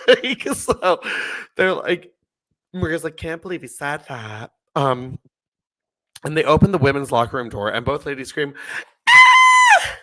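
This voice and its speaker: An animated young man co-hosts a casual podcast chat, often laughing and acting out what people said. His voice sits a little high and moves around a lot. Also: a little slow. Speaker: podcast co-host.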